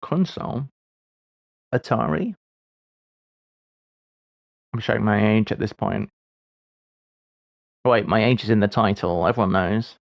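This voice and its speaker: A gravelly-voiced man in his forties chats slowly and unhurriedly on a livestream, his pitch rising and falling a lot as he thinks out loud. He is wry and self-deprecating. The recording is dry and a little muffled, like a lo-fi mic. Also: expressive, no echo. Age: 40s. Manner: muses aloud while solving puzzles. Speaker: streamer. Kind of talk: casual livestream chat.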